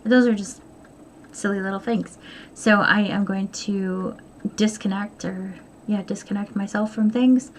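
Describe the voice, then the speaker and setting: A middle-aged woman vlogger chats candidly to camera in her home sewing room, rambling and poking fun at herself. Her mid-range voice has fairly even intonation and an unhurried pace, with a little hiss or hum in the background.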